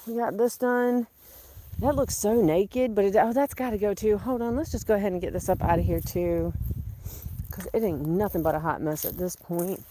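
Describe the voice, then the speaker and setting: Woman, gardening vlogger, casual running chatter, outdoors, faint background noise, mid-pitched. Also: normal speed, warm tone. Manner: talks to herself and the camera, exclamatory, joking. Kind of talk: casual chatty narration while working.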